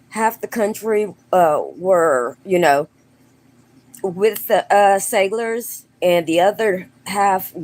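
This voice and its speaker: A woman casually retelling a story in a slow, meandering way, full of fillers and restarts, slipping into quick quoted voices. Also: medium pitch, a little mellow. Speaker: storyteller host.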